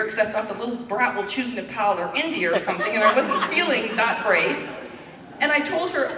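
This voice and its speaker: A woman's voice: on the high side, lively intonation, a little fast, sharp tone, slight background noise. A woman in her fifties from Canada, a nurse and mother, telling a candid personal story to an audience at a public presentation. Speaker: public speaker. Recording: echoey hall, mic from a distance.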